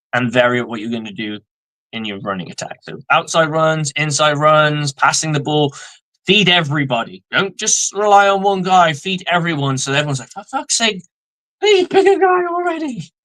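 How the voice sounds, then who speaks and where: A man's voice: a little high, moderate pace, pushed and bright, rough recording. A man co-hosting a live sports fan stream, giving profane, fired-up football analysis. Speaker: co-host of a sports fan show.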